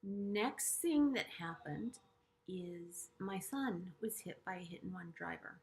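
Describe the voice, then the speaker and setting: A middle-aged woman earnestly telling a personal story to camera, halting and restarting often and dropping to hushed asides. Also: lowish voice, expressive, vocal fry. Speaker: vlogger sharing a personal story.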